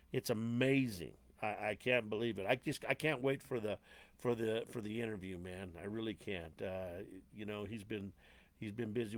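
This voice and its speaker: A man's voice: lowish voice, no echo. A man hosting a live show in a casual, rambling way, greeting viewers as if they were a stage crowd and cursing lightly as he goes. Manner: rambling, with frequent fillers and mild cursing. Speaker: host.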